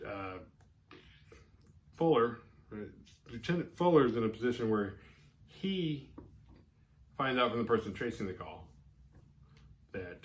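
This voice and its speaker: Casting: male podcast host, lowish voice, loose casual movie recap, acts out the characters' lines. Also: normal speed, long pauses.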